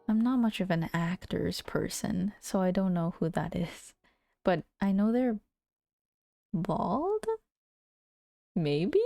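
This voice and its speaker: A woman's voice: medium pitch, mellow. A young woman from the Philippines with an American accent, chatting playfully on a live stream, laughing often and swearing casually.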